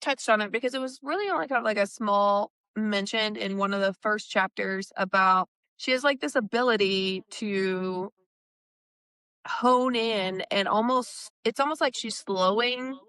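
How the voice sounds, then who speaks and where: A woman talks through a book's plot at a slow, unhurried pace, filling pauses with "um" and "like". Her voice is smooth and clear, heard close and dry with no room around it. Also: medium pitch, a bit bright, no room sound. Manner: unhurried plot recap with many fillers. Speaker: podcast co-host. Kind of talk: book discussion podcast.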